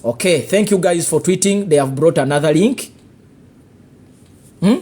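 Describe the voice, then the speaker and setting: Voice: medium pitch, measured pace, mellow, breathy edge. A speaker with a Ugandan accent giving a live political commentary monologue, confrontational and full of rhetorical questions and repeated warnings.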